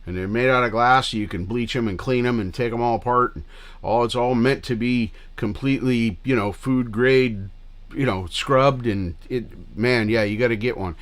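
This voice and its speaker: A middle-aged man hosts his own livestream in loose, wandering casual chat, trailing off and restarting his sentences. He swears freely. His voice sits at an ordinary, middling pitch for a man. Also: moderate pace. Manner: rambling and scattered, loose with profanity. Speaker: livestream host. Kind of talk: casual rambling chat with viewers.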